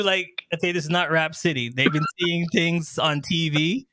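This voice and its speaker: A man hosting a casual show, talking in an animated, joking way and laughing often, on a close handheld microphone. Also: on the high side, normal speed, slight background noise. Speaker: host and wedding MC. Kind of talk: casual talk show chat.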